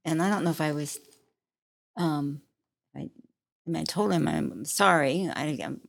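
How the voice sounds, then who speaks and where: A woman with a very low, gravelly voice answers questions in an interview. She speaks hesitantly and reflectively, often restarting her sentences. Her voice has a lot of vocal fry. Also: unhurried. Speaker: guest.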